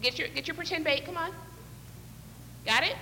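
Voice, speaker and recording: A woman's voice: high-pitched, moderate pace, creaky, noisy background. A woman leading an interactive children's Bible lesson in church, playful and coaxing as she acts out a fishing story with the kids. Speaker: children's sermon leader. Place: church sanctuary, large echoey room. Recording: echoey hall with long reverb.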